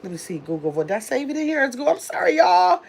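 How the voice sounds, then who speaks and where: A woman's voice: sits high, very animated, fast talker, creaky. Chatty woman host reading the live chat. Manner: chatty, distracted, talks to the chat as "y'all". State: recovering from illness. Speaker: livestream host.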